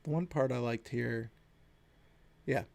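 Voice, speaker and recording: A man's voice: mid-range voice, takes it slowly, gravelly, darkish tone. Earnest man in his late thirties. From United States. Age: late 30s. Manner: earnest, opinionated, conversational. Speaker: podcast host. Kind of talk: solo podcast commentary.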